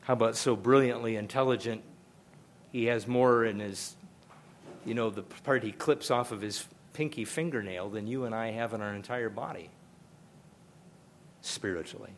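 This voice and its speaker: A man's voice: on the low side, normal speed, long pauses, slight background noise. An older man preaching a sermon, emphatic and conversational, often repeating himself for emphasis. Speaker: pastor.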